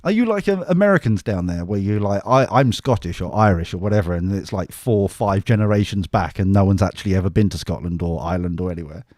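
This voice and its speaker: A man's voice: low voice, animated, fast talker, few pauses, dark tone, no echo, studio quality. A man co-hosting a casual podcast, teasing his guest and laughing often. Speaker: podcast co-host. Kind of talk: casual banter.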